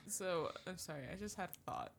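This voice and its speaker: A woman's voice: on the low side, brisk, vocal fry, roomy sound. A young woman co-hosting a podcast, joking and cutting in with questions and silly what-if ideas. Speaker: podcast co-host. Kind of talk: casual chat.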